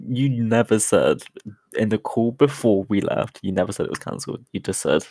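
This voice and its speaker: A man's voice: on the low side, normal speed, mellow, dry recording. A man co-hosting a casual podcast, laughing and arguing back at his friends. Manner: defensive, laughing, mocking. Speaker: podcast co-host. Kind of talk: casual late-night podcast banter.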